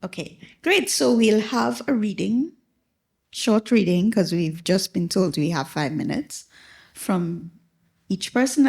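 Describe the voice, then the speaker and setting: A woman moderating a book festival panel, briskly handing over to speakers and announcing the readings. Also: mid-range voice, creaky, a little mellow, slightly rough. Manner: brisk, upbeat organizer. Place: library event hall.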